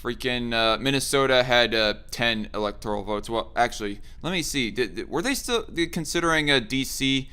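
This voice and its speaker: A man's voice: mid-range voice, moderate pace, hardly any pauses, sharp tone, smooth. A man hosting a casual political chat, thinking aloud with many fillers and restarts. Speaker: host.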